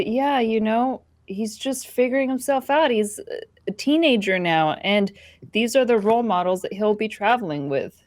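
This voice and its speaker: A woman's voice: medium pitch, a little mellow. A woman player introducing her character in casual chat, laughing and self-mocking. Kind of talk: casual chat at a game table.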